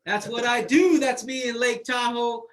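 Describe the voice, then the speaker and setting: A man's voice: extremely high pitch, steady tone, normal speed, a bit bright, slight background noise. A man sharing his life story in casual testimony, exuberant, calling out friends and saying "man" constantly.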